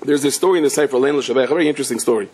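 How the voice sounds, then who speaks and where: A man teaching a Torah class as a rabbi, telling stories in a conversational way and scattering Hebrew and Yiddish terms through his English, his pitch climbing when he presses a point. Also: rapid-fire, darkish tone, slightly rough, low-quality recording. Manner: conversational storyteller, rises in pitch when driving a point home.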